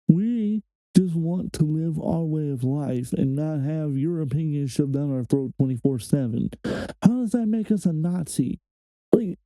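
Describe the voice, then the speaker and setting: A man's voice: on the high side, dark tone, no echo, poor audio. A man hosting a reaction video, ranting heatedly and swearing often. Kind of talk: casual reaction commentary.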